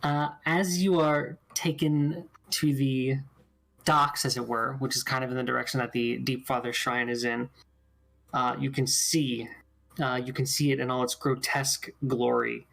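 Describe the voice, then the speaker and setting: A man with a gravelly, creaky voice narrates a tabletop game as game master. He talks in a relaxed, halting way, full of ums and restarts. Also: mid-range voice.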